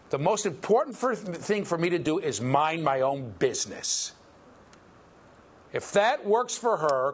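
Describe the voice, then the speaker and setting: A man giving a university lecture, lively and joking as he quizzes his students. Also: on the high side, husky. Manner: lively, jokey, quizzes the class. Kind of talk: classroom lecture. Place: lecture hall.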